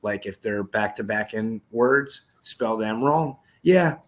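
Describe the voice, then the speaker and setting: A man's voice: fairly low pitch, slow pace. A man in his forties, co-hosting a podcast, tells rambling stories in casual chat, swearing often and laughing as he talks. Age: 40s. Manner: profane, laughing, rambling storytelling. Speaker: podcast co-host.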